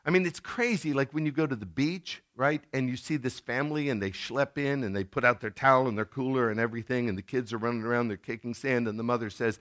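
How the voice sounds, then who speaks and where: A middle-aged man preaching a sermon in a conversational tone, now and then acting out scenes in sudden loud bursts. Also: mid-range voice, fast, hardly any pauses. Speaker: pastor.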